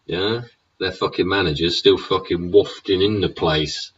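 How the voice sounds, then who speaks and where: A man's voice: low-pitched, steady tone, measured pace, breathy edge, far from the mic. An English man in a sweary, sneering political rant, throwing in "yeah?" and "innit?" as he goes. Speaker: vlogger. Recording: dull sound, away from the mic.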